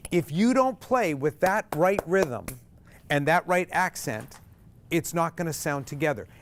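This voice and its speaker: A man's voice: fairly high pitch, slight background noise. A man teaching a group ukulele class, counting beats aloud, calling chords and quizzing the students. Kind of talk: group music lesson. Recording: loud ukulele strumming behind.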